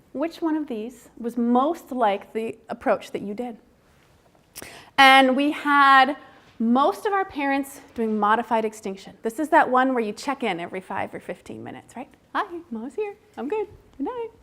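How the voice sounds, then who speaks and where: High-voiced woman giving a casual seminar talk. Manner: conversational, frequent tag questions; acts out parents' lines in a soft whisper. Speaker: university researcher giving a seminar.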